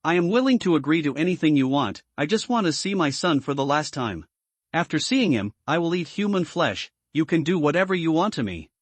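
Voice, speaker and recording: A man's voice: a little high, big pitch swings, fairly quick, no room sound. A man voicing the ghost of a grieving mother who pleads anxiously for her son. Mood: pleading.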